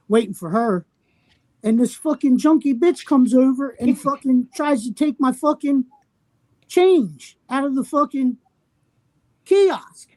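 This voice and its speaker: A man on a podcast telling a story in a casual way. He swears constantly and sounds brash and animated. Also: very high voice, dry recording. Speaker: podcast regular.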